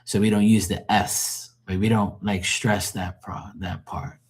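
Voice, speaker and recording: Man, very low voice, casual rambling livestream chat, lots of fillers. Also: level tone, a little slow. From born in the country of the stream, Portuguese family. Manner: rambling, filler-heavy, explains words to chat. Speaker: livestream tarot reader.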